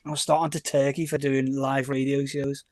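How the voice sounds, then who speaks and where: A man's voice: medium pitch, normal speed, no echo. A middle-aged man from Liverpool with a Scouse accent, chatting as a guest in a casual interview, rambling and correcting himself as he tells stories. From Liverpool, England. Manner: rambling and self-correcting, often repeats words; lively storyteller who acts out quoted exchanges. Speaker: DJ and label owner, podcast guest.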